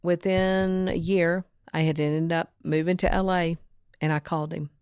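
A woman's voice: on the low side, flat delivery, normal speed, a little mellow, clear, resonant tone, dry recording, clean studio sound. A woman guest, from Mississippi, telling a long story in an interview and acting out other people's lines. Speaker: guest, music producer and author.

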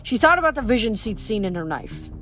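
A woman reading a novel aloud in a steady storytelling voice, stumbling over a word now and then. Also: a little high, fast, soft background music. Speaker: audiobook reader.

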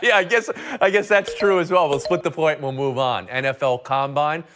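A man hosting a sports debate show, moving briskly between topics and laughing along with his panel. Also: a little high, noisy background. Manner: brisk, laughing segment transitions. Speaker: host.

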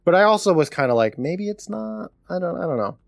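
A man's voice: sits high, fairly quick, vocal fry, no echo, studio quality. A man co-hosting a podcast, retelling a horror episode in a casual, joking storytelling way. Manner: animated storytelling with a laughing, joking tone. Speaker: podcast co-host.

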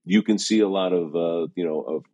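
A very deep-voiced middle-aged man talks about car prices in an easy, rambling way. He hedges with fillers and slips in dry teasing. The sound is dry, with no room in it. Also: brisk, dark tone, dry recording, highs cut off. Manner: chatty, hesitant with fillers, wry teasing. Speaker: classic car valuation expert, co-host. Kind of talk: casual conversational chat.

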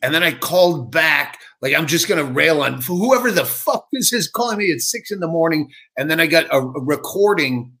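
A middle-aged male comedian tells profane, animated anecdotes as a podcast guest. His voice sits a little high and rings bright and forceful. He talks in a loose, storytelling rhythm. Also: moderate pace, hardly any pauses.

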